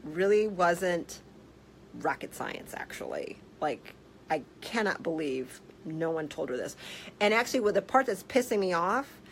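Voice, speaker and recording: A woman health practitioner telling a story in a casual vlog, blunt and animated, swearing freely. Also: fairly low pitch, moderate pace, slight background noise, low-quality recording. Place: office.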